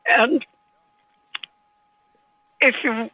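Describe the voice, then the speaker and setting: A woman in her nineties, an author telling anecdotes from her life over the phone. Her voice is husky and fairly high, and she speaks slowly with gentle, halting restarts. The line is thin and dry, like a tinny telephone. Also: no echo. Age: 90s. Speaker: author guest.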